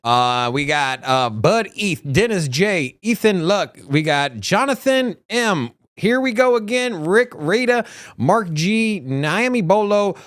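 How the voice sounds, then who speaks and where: A man's voice: high voice, lively intonation, slow pace, fairly bright tone, no echo, studio quality. A man co-hosting a crypto livestream, reading out viewer names and teasing his co-hosts in a laid-back way. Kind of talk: casual livestream chat.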